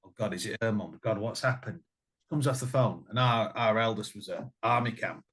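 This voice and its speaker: Man telling a lively, sweary story. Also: lowish voice, moderate pace. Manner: animated storytelling, swearing, acting out voices. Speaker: band musician, guest. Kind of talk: casual chat.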